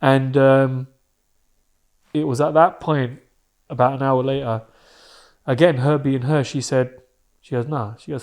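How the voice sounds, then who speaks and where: Bloke, podcast guest, emotional candid storyteller, slangy and sweary, mid-pitched voice. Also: male voice, steady tone, measured pace, long pauses, darkish tone. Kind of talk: personal storytelling.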